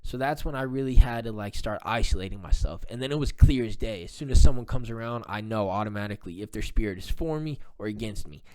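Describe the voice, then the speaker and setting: A man's voice: fairly low pitch, lively intonation, fast talker, hardly any pauses, a little mellow. A man casually telling a rambling personal story, with frequent fillers and repetitions. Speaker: vlogger telling his life story.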